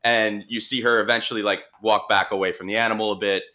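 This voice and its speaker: A young man with a Long Island accent, telling a work story in a relaxed, chatty way, with lots of restarts and fillers. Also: on the low side, quick pace. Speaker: marine mammal responder. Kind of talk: casual storytelling conversation.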